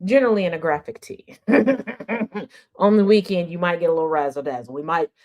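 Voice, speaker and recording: A woman hosts an opinionated news commentary stream, sassy and sarcastic, driving her points home through rhetorical questions and repetition. Her voice is fairly low and a little mellow, and she talks slightly fast.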